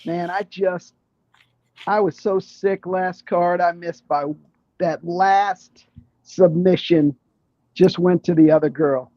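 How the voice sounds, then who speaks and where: A man calling in to a betting show, rambling and halting as he explains a result, heard over a dull lo-fi call-in line. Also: high-pitched, steady tone, dark tone, dry recording. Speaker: caller. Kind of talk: phone-in chat.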